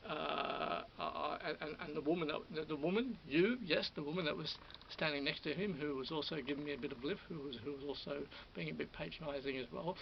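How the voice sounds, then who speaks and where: Worked-up man, slightly high gravelly voice, telling a rambling story with lots of repeats; dull lo-fi recording. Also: fast, hardly any pauses. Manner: repetitive, restarts often, quotes others. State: worked up, still on adrenaline. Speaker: vlogger. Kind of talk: rambling personal story to camera. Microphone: camera or phone mic. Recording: lo-fi audio with faint hiss.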